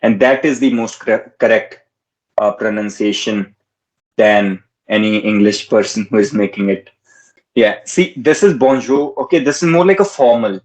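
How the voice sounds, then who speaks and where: A man tutoring in a relaxed way, repeating words slowly and mixing in Hindi phrases. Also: lowish voice, poor audio. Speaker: French tutor. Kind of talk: casual teaching.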